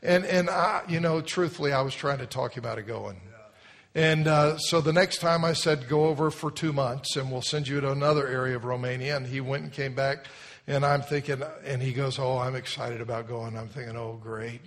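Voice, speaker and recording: A man preaching a sermon, telling a folksy story and building to loud exhortation. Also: mid-range voice, fairly even intonation, fairly quick. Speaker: pastor. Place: large church hall. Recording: long hall reverb.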